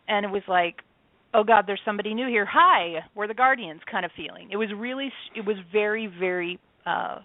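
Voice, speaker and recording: A woman's voice: medium pitch, no room sound. A woman guest in an interview, talking in a chatty, enthusiastic way with frequent restarts. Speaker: channeler and author, interview guest. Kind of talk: casual interview talk. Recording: dry tinny phone line.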